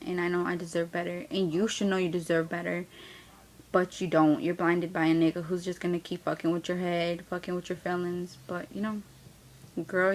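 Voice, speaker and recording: Flat-toned young woman ranting about an ex. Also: lowish voice, slight background noise, rough recording. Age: young adult. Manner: blunt, heavy slang and profanity. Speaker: vlogger. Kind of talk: casual storytelling rant.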